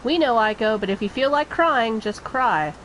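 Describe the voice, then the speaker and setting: A woman's voice: fairly high pitch, lively intonation, moderate pace, a bit bright, slight background noise, poor audio. A woman voicing an easygoing young male thief, reading game dialogue aloud in a teasing, reassuring way.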